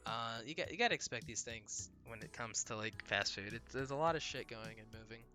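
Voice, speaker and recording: A young man talks his way through a video game in loose, profane commentary full of "like" and laughter. His voice is very bright and forward, at a middle pitch, with faint game music underneath. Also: animated, fairly quick. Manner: rambling, profane, laughs easily. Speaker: gameplay commentator. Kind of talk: casual let's-play commentary.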